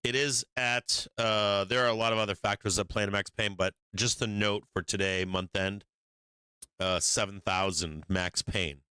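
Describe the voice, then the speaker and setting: On a live stock market stream, a hiccuping host rambles and swears casually, restarting often and drifting off mic as he works his charts and screens. His voice is on the low side, bright, forceful, clear, and resonant, with fairly even intonation and normal speed, with no room sound.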